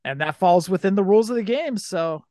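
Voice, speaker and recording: A man's voice: high-pitched, lively intonation, brisk, a little mellow, no echo, studio quality. A man hosting a podcast with his brother, laughing often and teasing in casual banter. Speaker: podcast host.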